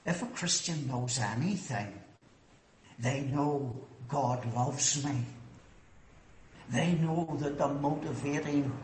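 Man, preacher, slow measured delivery, emphatic rises, echoey room. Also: a little high. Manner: measured, deliberate, rising emphatically on key points. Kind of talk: expository sermon. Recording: echoey room with faint ambience.

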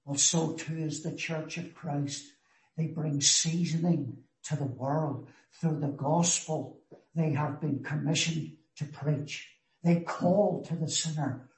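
A man preaching a sermon in a slow, earnest way, with emphatic rises on key words. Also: on the high side. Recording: echoey room.

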